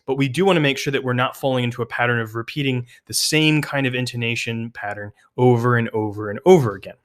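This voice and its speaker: Measured man lecturing on speech delivery. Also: mid-range voice, fairly even intonation. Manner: measured, thoughtful, explanatory, with small restarts. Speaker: rhetoric instructor.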